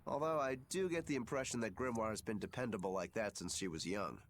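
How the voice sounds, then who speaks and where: A man's voice: on the low side, fast, slight background noise, lightly acted. An actor playing an easygoing, courteous adult male swordsman in a video game.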